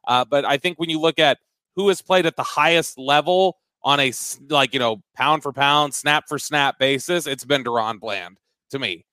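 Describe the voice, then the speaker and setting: A man's voice: mid-range voice, normal speed, pushed and bright, dry recording. A man co-hosting a casual sports podcast, running through segment picks with frequent restarts. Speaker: podcast co-host.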